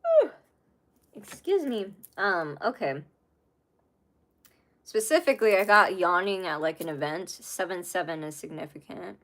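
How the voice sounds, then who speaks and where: A woman's voice: on the low side, expressive, normal speed, a bit bright. A young adult woman giving a casual, rambling tarot reading, full of fillers and asides. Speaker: tarot reader.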